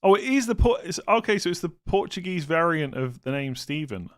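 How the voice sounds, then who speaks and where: A young man hosting a casual live stream, reading viewer questions aloud and thinking out loud with self-mocking humor. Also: on the high side, very animated, a little fast.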